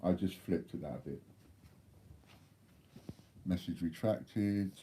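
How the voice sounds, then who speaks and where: A man's voice: low-pitched, slow pace, dark tone, slight background noise. A man replying bluntly to viewer chat during a live stream, swearing freely.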